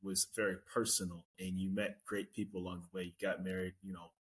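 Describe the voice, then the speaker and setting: Very deep-voiced eager male podcast host. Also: little pitch movement, fast. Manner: eager, affirming. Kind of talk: interview chat.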